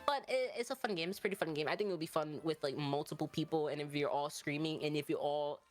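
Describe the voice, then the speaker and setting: A woman's voice: sits low, quick pace, faint music behind. A woman guest streamer chatting casually in an interview, rambling and giggly with lots of likes and ums.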